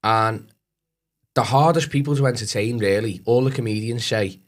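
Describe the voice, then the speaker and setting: A comedian from Liverpool with a softened Scouse accent, telling stories in a casual podcast chat, swearing freely and acting out other people's voices. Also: male voice, mid-range voice, moderate pace. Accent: Liverpool Scouse, toned down. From Liverpool, England. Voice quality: animated, swears a lot, acts out voices. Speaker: comedian guest.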